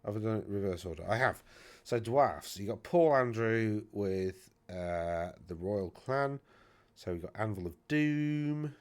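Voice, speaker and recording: Chatty man, low voice. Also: expressive, measured pace, darkish tone. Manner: rambling, chatty, self-correcting with many fillers. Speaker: wargaming channel host. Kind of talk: casual commentary on tournament army lists.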